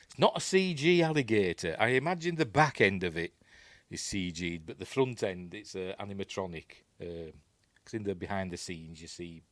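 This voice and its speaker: A man's voice: low voice, dry recording. A man with a Yorkshire accent giving a casual, rambling film breakdown as a reviewer, with lots of ums and asides. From Yorkshire, England.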